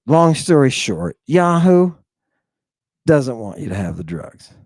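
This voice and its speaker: Slow, mocking man preaching to his listeners. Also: mid-range voice, sing-song, darkish tone, no echo. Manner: theatrical, mocking, preacher-like exhortations to the audience; rhetorical questions, drawn-out emphasis. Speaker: podcast host. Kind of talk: animated commentary on scripture.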